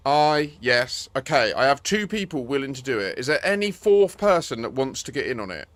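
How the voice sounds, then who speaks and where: A man's voice: mid-range voice, sing-song, normal speed, a bit bright. A young man streaming a game, talking to his squadmates and swearing as he gets exasperated. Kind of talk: live gameplay chat with squadmates.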